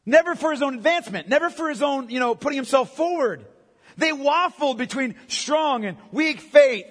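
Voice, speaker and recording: High-voiced preacher in a reverberant hall. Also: male voice, lively intonation, moderate pace. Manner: emphatic preaching, swings from loud to hushed. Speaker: pastor. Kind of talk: sermon.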